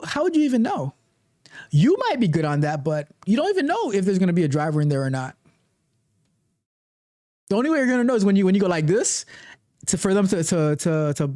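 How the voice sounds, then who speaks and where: A man hosting a live tech stream, talking casually with animated, repetitive joking asides. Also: high voice, brisk, no echo, studio quality. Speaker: livestream tech show host.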